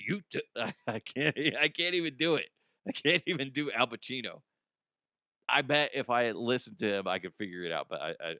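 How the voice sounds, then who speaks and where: A man hosts a comedic news show, rambling bluntly through the headlines, swearing, laughing at his own jokes and often restarting his sentences in a casual way. His medium-pitched voice is expressive and sharp, at a moderate pace, in a dry, clean studio recording.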